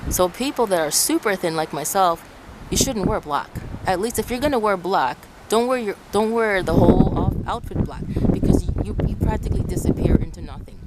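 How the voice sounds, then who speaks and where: A woman's voice: medium pitch, expressive, brisk. A woman from Ecuador talking to camera outdoors in a casual vlog, giving earnest advice and repeating herself as she goes. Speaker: vlogger. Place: outdoors on a windy day. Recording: loud wind noise buffeting the mic outdoors.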